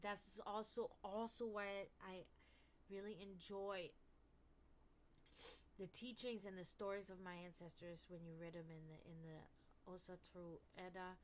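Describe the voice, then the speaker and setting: The stream host, a woman, talks frankly in a casual esoteric chat, cursing often, restarting constantly, and swinging from murmurs to loud outbursts. Her mid-range voice is flat and measured, with a little hiss or hum in the background.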